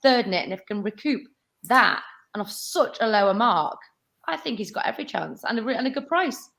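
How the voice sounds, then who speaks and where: A woman's voice: a little high, expressive, a little fast, creaky, fairly bright tone. A woman giving racing tips in a casual chat, speaking in a friendly, enthusiastic way. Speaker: racing tipster.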